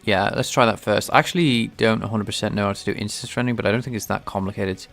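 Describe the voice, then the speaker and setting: A man livestreaming game development, thinking aloud in a halting way with many restarts. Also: lowish voice, gravelly, a bit bright, faint music behind. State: sneezing, a bit stuffy. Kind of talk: casual livestream coding talk.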